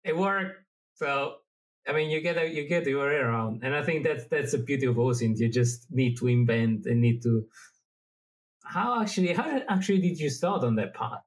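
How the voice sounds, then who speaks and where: A man's voice: mid-range voice, animated, normal speed. Laughing, teasing podcast host man. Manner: laughs often, teasing interjections. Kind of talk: casual interview.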